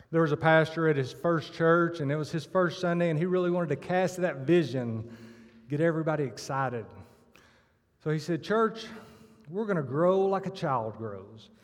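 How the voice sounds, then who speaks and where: Man preaching in a reverberant church. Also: a little high. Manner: storytelling with acted punchlines. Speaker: church member giving testimony. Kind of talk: sermon-style church talk. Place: church sanctuary. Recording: long reverb of a church hall.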